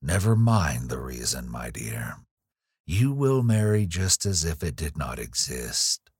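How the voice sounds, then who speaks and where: A man voicing a dying, malicious old nobleman who speaks slowly in a menacing half-whisper. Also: low-pitched, very animated, husky, no room sound, clean studio sound, full character voice. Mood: whispered menace. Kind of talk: audiobook reading.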